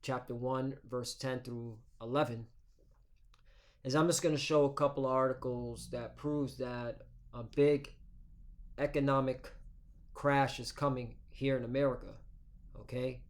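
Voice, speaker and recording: A man of ordinary pitch reads scripture in a slow, formal cadence. He then shifts into a loose, conversational sermon. He keeps tagging his points with "okay?" and "all right?" as if checking in with his listeners. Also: steady tone. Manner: peppers talk with "okay?" and "all right?" tags. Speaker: religious teacher. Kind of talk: scripture reading and informal sermon.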